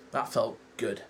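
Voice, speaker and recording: A young man with a Dutch accent, rambling through a casual, animated movie review and swearing freely. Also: a little hiss or hum. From Netherlands. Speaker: vlogger.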